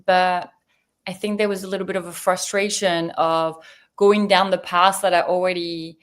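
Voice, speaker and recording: A woman's voice: lowish voice, flat delivery, moderate pace. Chatty woman. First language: French. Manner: chatty, rambling, with many fillers and restarts. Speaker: guest author. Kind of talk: livestream Q&A conversation.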